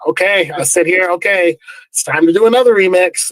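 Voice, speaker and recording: A man being interviewed as a guest musician, easygoing and halting, repeating words as he searches. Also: high voice, a bit bright, no echo, rough recording. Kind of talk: casual interview chat.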